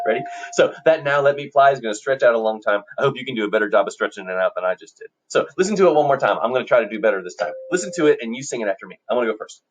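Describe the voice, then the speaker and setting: A man's voice: lowish voice, lo-fi sound. A man teaching a classroom music lesson, coaching students in an upbeat way and singing short examples for them to copy.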